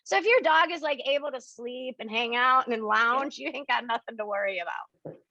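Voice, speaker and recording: A spiritual medium speaks a little fast in a slightly high, pushed, bright voice while hosting a members' Q&A on a video call. Chatty and animated, she acts out the dialogue she quotes. The dull, lo-fi video-call audio has no echo.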